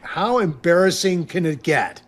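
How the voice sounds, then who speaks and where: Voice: medium pitch, lively intonation, unhurried. A podcast co-host in casual chat, speaking hesitantly and restarting sentences. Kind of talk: casual chat recapping an episode.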